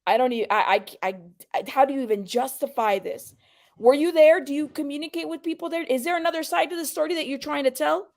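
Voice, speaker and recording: A woman's voice: high voice, fast, gravelly. A woman hosting a livestream, heatedly confronting a viewer in her chat and pressing him to come on and explain himself. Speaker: livestream host.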